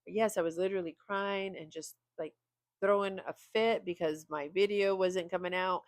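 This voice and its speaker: Middle-aged woman creator, tired, candid rambling vlog talk, lowish voice, dry close sound. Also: fairly even intonation, moderate pace, dry recording. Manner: candid and rambling, with small laughs. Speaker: video creator. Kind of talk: casual vlog talk to camera.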